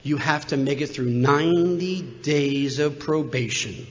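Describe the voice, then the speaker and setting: A man voicing a formal older bank vice president in a calm, businesslike way while telling a story. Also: fairly high pitch, a little slow, voice pushed down, lightly acted. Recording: muffled, long hall reverb.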